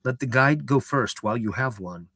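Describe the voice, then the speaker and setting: A man's voice: mid-range voice, normal speed, a bit bright, no room sound. A man voicing a stern male ranger with a dry, wry manner, read from a storybook. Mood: dry warning.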